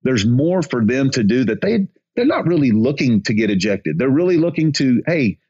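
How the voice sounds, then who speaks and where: A man's voice: medium pitch, sing-song, moderate pace, a little mellow, breathy edge. Man telling a rambling umpire story, lo-fi. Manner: rambling, restarts, acts out crowd chants and quotes. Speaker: baseball umpire. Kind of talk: casual podcast storytelling.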